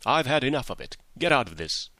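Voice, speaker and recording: A man voicing an angry market salesman who shouts at a pestering customer. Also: medium pitch, sing-song, a little fast, dry recording, voice pushed up. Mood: furious. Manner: shouting, fierce.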